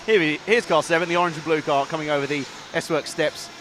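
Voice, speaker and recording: A man's voice: fairly high pitch, fast talker, fairly bright tone. A man co-commentating live races with dry, wry asides. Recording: noisy trackside broadcast.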